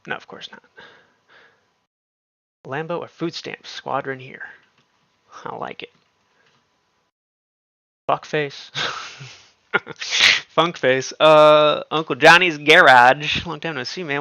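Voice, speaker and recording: A man's voice: on the high side, fairly even intonation, slow, creaky, pauses often, bright, forceful tone, no echo. A man hosting a casual livestream, chatting offhandedly with viewers and swearing freely. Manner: profane, offhand, talks to chat. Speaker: livestream host.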